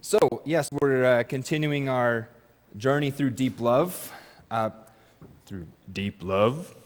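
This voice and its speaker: A man's voice: mid-range voice, takes it slowly. A man in his thirties giving a conversational sermon, stressing words for emphasis. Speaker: preacher. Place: church sanctuary. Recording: long reverb of a church hall.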